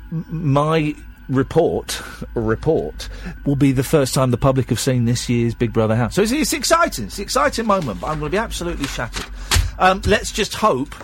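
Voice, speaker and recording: A tired man hosts a late-night radio show, chatting and rambling with plenty of self-deprecation. His pitch swings in a lively way and his voice carries a slight husk.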